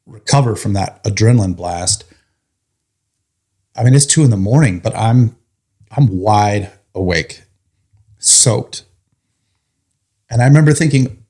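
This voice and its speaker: A man's voice: medium pitch, darkish tone. A firefighter telling his own story in a candid, vivid, plain-spoken way. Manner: candid and vivid, with blunt swearing. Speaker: firefighter guest. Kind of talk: personal storytelling.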